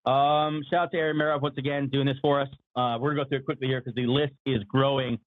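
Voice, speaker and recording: A man co-hosting a casual sports talk livestream, clearing his throat often and slightly losing his voice, over a tinny remote line. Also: medium pitch, little pitch movement, fast, few pauses, no room sound. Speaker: podcast co-host.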